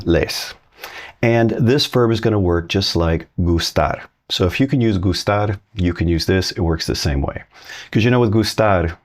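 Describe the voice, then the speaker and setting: A Spanish teacher with a low male voice leads a casual video lesson. He's relaxed and encouraging, giving clear, slow examples.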